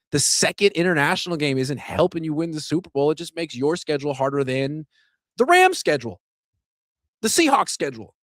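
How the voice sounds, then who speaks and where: A man co-hosting a casual sports podcast, laying out firm opinions in a steady way. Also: mid-range voice, no echo, clean studio sound. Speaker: podcast co-host.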